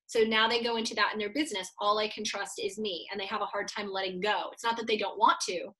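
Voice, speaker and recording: Bright-voiced woman explaining confidently. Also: mid-range voice, steady tone, quick pace, low-quality recording. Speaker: guest coach for real estate agents. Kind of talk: podcast interview.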